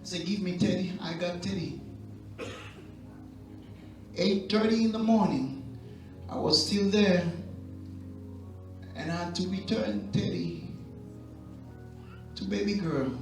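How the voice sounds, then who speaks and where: A man with a Haitian accent preaching a sermon, swinging from shouted, sung cries to hushed near-whispers. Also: high voice, slow, pauses often, very echoey, far from the mic, faint music behind, low-quality recording. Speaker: pastor.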